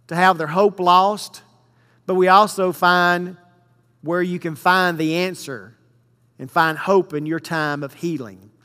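A man preaching a sermon, reading scripture verses slowly and then explaining them with emphasis. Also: sits high, a bit bright. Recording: long hall reverb.

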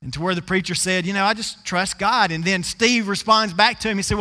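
Bright-voiced preacher in a reverberant hall. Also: male voice, high-pitched, brisk, hardly any pauses. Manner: folksy storytelling, stretches out scripture words for emphasis. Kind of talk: sermon.

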